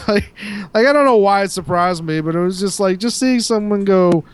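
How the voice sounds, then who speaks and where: A man, chatting casually as a podcast co-host. His voice sits a little higher than most men's. He rambles through his stories, stopping and restarting mid-sentence. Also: normal speed, smooth. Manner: rambling, self-interrupting storyteller.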